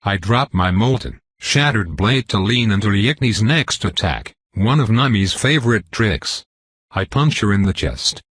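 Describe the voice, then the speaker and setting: A man's voice: on the low side, lively intonation, unhurried, a bit bright, husky, no echo. A man narrating first-person fiction in a clipped, intense, dramatic reading. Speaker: audiobook narrator.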